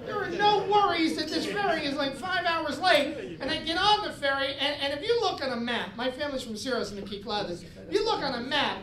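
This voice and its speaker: A man from the United States performing a stand-up comedy set, with an animated, punchy delivery and shouted impressions of his father. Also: very high-pitched, a little fast. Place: comedy club stage with live audience. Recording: echoey club with crowd laughter.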